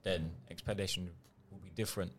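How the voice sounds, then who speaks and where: A man's voice: low-pitched, steady tone, brisk, slight background noise. A man on a football podcast panel giving casual, considered opinions about his team. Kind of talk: casual chat.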